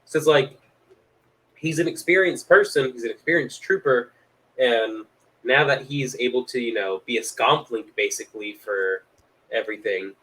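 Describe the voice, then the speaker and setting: A man co-hosting a casual fan podcast, rambling with lots of fillers and getting excited. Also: mid-range voice, moderate pace, slightly rough, rough recording. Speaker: podcast co-host.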